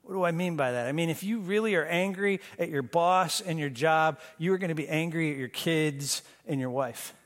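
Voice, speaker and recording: A man preaching a sermon as pastor, moving between emphatic bursts and hushed, slow lines. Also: a little high. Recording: long reverb of a church hall.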